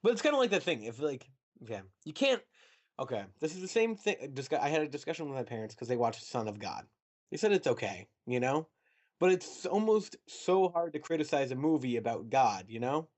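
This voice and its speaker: A young man in a relaxed podcast conversation, with a middling pitch. He talks in a chatty, animated way. He slips easily into mocking asides. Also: a little fast. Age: young adult. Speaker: podcast co-host. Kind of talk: casual chat.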